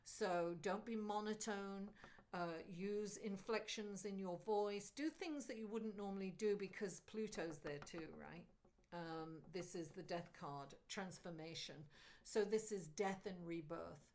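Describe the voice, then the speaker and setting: A middle-aged woman reads tarot cards live and talks straight to her viewers in a chatty, animated way. Her voice sits in the middle range. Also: medium pitch, unhurried. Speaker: astrologer and tarot reader.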